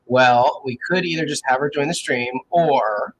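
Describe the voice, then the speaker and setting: A man's voice: medium pitch, measured pace, slight background noise, poor audio. A man co-hosting a casual livestream chat, joking, laughing often and trailing off mid-thought. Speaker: podcast co-host.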